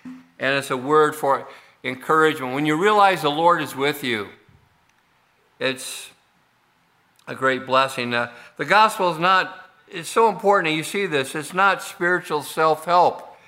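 A male pastor delivering a sermon at an unhurried, measured pace. His voice is strikingly bright and forward, sitting a little high for a man. He talks it through plainly, pausing often with small fillers. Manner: slow, deliberate preaching with frequent fillers.

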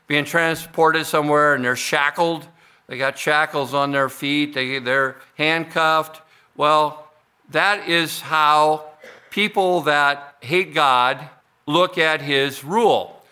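A man delivers a sermon in a slightly high, bright and forceful voice. He works through scripture at a measured pace, pausing on fillers and restarting phrases as he goes. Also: steady tone, smooth. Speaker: pastor.

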